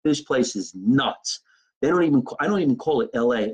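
A man's voice: medium pitch, lively intonation, normal speed, a little mellow, husky, rough recording. A man from New Jersey, a comedian hosting a live stream from his kitchen, joking brashly and swearing freely in casual chat. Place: home kitchen.

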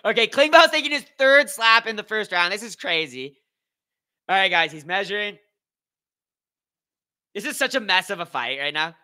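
A young man hosting a live watch party, commentating on slap fights with excitable, profane banter and shoutouts to his chat. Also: high voice, moderate pace, pauses often. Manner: excitable, swears a lot, talks to chat. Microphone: headphones with mic.

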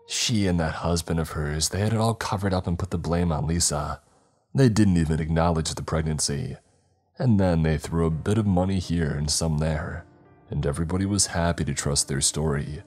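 A man voicing a stern father and former police officer, speaking in a gruff, commanding way. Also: very deep voice, normal speed, a little mellow, soft background music. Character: stern older father, a former cop, angry.

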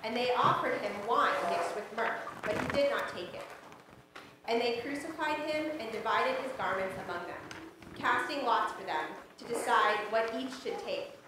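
Scripture reader, woman, steady and measured, slightly high voice, distant mic in a roomy church. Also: noisy background. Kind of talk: public scripture reading. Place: church sanctuary.

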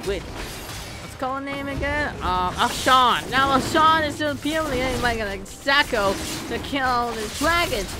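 A young man gives live gameplay commentary, breaking into bursts of loud excited exclamations. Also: very high voice, unhurried. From Philippines. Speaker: gaming channel host. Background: game music.

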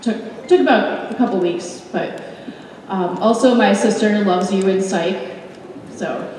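A woman's voice: mid-range voice, unhurried, a little mellow. A woman fan asking a question at a convention panel, nervous and hesitant with fillers. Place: large convention hall. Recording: echoey hall from far off, noisy.

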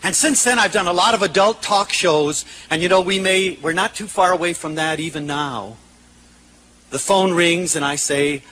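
A man giving a public lecture to an audience. He tells stories in an animated way, with self-mocking humor. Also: sits high, normal speed, a little hiss or hum, low-quality recording.

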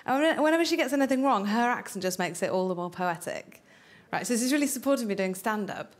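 A woman's voice: mid-range voice, animated, fast. A woman from North Wales doing a stand-up set, chatty and cheeky, laughing through her punchlines. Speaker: stand-up comedian.

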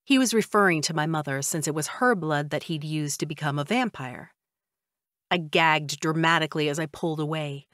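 A woman narrating a fiction audiobook in the first person, with a steady, even delivery. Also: sits low, normal speed, no room sound, clean studio sound.

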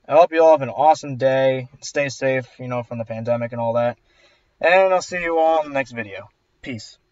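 A man's voice: medium pitch, fairly quick, darkish tone, dry recording. A young man casually narrating a story about an awkward customer, chatty and exasperated, with sarcastic asides. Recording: dull, dry, slightly lo-fi voice track.

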